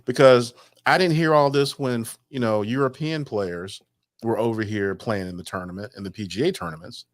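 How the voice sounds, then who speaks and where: A man's voice: mid-range voice, moderate pace, dry recording. A man co-hosting a podcast in casual chat, laid-back and joking, rambling through his stories. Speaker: podcast co-host and DJ.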